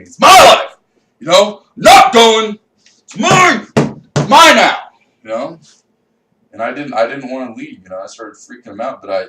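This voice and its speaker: Ranting comedian man in an echoey room. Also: medium pitch. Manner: swings into loud shouted outbursts; profane, rambling, self-mocking. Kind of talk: rambling comedic rant. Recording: echoey room, voice a bit far from mic, faint noise.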